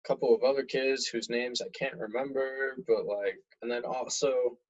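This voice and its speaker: A man's voice: mid-range voice, normal speed, poor audio. A young man chatting casually and jokily about old memories. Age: young adult. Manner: laid-back, jokey, animated when retelling. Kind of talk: casual reminiscing chat.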